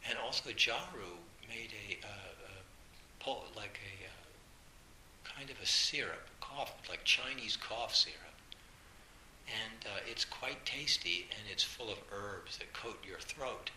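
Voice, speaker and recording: A man with the flu, coughing now and then, gives an informal dharma talk in a gentle, musing tone. His voice sits fairly low. He is recorded in a roomy hall with steady background noise. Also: takes it slowly. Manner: gentle, musing storyteller acting out family quotes.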